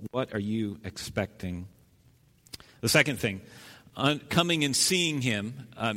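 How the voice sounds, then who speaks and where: A man's voice: medium pitch, a bit bright, big-room sound. A male pastor preaching a sermon in a church, earnest and questioning, often repeating his phrases and restarting his sentences. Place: church sanctuary.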